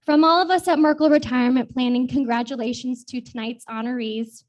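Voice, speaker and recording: Woman, company executive, formal heartfelt speech, slightly out of breath, higher voice. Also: steady tone, fairly quick. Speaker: sponsor executive. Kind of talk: prepared sponsor remarks.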